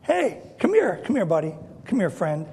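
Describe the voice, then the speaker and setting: A man voicing God in a sermon story, calling out loudly and then coaxing in a friendly way. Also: sits high, wildly swooping pitch, moderate pace, creaky, in a large hall, slight background noise, heavily acted.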